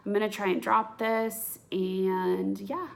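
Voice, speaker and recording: A woman's voice: mid-range voice, level tone, slow, gravelly. A woman in her thirties hosting a podcast, rambling through blunt, gossipy chat in a casual rant to camera. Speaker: podcast host.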